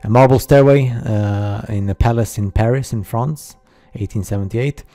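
A man talks over a slideshow in a very dark, mellow voice set fairly low. He narrates casually and haltingly, with many fillers and skeptical asides. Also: soft background music. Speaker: video narrator.

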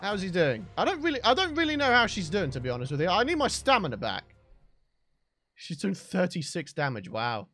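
Excitable British guy narrating gameplay. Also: high voice, fairly quick. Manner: excitable, chatty, bursts into shouts and laughs. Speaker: gaming channel host. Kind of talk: let's play commentary.

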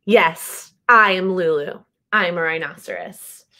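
A woman's voice: fairly low pitch, a little slow, voice pushed down. A woman voicing an earnest, insistent female bulldog who believes she is a rhinoceros, in a picture-book read-aloud. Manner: earnest, insistent, bright storybook voice.

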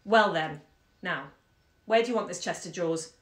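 A woman's voice: fairly low pitch, normal speed, a bit bright, close to an everyday voice. A woman voicing an impatient middle-aged husband who scolds with a raised voice, in an echoey room. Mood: brusque.

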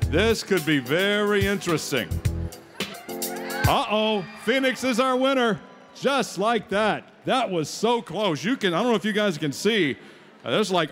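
A man with a high voice runs a live eating contest as emcee. He cracks easy jokes with the contestants and keeps the crowd cheering. Faint music sits behind him. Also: fairly bright tone. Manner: joking, upbeat, hyping the crowd. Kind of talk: live event announcing on a PA.

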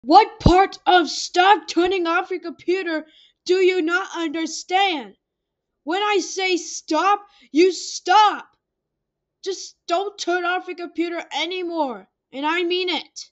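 A woman voicing an exasperated high-voiced computer error. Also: steady tone, takes it slowly, muffled recording. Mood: annoyed scolding. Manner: pleading then scolding, rising to shouts. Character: exasperated computer error character growing angrier.

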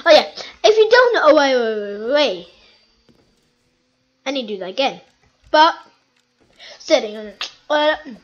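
A woman giving excitable, chatty commentary over her own gameplay video, repeating phrases over and over. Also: high voice, normal speed, pauses often, dull audio. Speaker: gaming video host.

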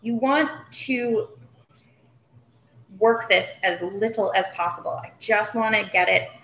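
A woman's voice: medium pitch, slow pace, a bit bright, a little hiss or hum. Chatty woman cooking in a roomy kitchen. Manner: chatty, joking asides, muttering to herself while working. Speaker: cooking show host. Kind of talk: live cooking demonstration. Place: home kitchen. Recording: roomy kitchen sound with clattering dishes.

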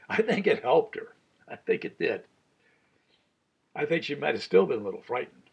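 Gravelly, husky older male preacher. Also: fairly high pitch, sing-song, moderate pace. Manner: earnest, chuckling storyteller. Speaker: pastor. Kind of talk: Bible study sermon with personal story.

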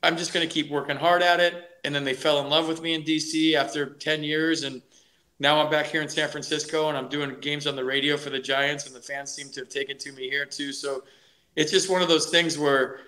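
A middle-aged man, a former ballplayer, telling his career story in an animated, energetic way during a podcast interview, often restarting his sentences. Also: on the high side, fairly quick. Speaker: guest, former ballplayer and broadcaster.

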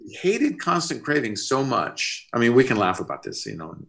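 A middle-aged man, a record producer, telling an animated story in a casual interview. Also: mid-range voice, moderate pace, gravelly. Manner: animated, expressive, pushes to sudden bursts. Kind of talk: storytelling anecdote in casual conversation.

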